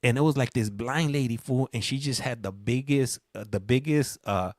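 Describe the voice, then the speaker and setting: A man's voice: medium pitch, moderate pace, a little mellow, dry recording, clean studio sound. A man hosting a live show, chatting in a laid-back, slangy way with many fillers and some Spanish mixed in. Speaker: podcast host. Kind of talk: casual live-stream chat.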